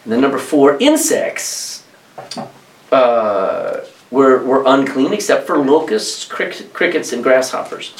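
Animated preacher man, echoey and distant. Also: mid-range voice, slow pace, creaky. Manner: animated, reads scripture aloud and explains it with asides. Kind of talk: sermon.

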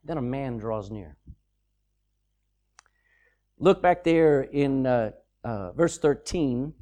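Lively conversational preacher. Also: mid-range voice, takes it slowly. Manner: conversational, explanatory, with folksy asides. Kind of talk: sermon with scripture reading.

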